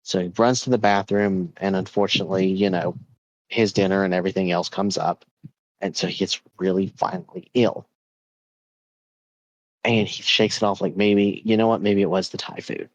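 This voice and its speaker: Guy on a podcast rambling thru a creepy story, low voice, super dry mic. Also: fairly even intonation, moderate pace, no echo, dull audio. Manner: rambling, with many repeats and fillers. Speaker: podcast host. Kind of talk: casual storytelling of a ghost story.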